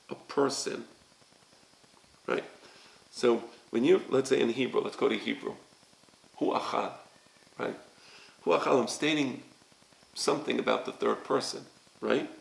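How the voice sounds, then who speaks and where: A man teaching a recorded lesson, explaining slowly and often checking with "right?". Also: mid-range voice, vocal fry, reverberant, poor audio. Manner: slow, explanatory, repeats "right?" to check understanding. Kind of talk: recorded lecture on grammar.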